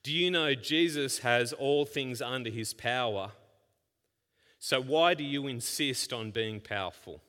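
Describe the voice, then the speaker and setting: A man preaching a sermon as pastor, firing rhetorical questions and moving between hushed scripture reading and loud emphasis. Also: medium pitch, measured pace. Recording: long hall reverb.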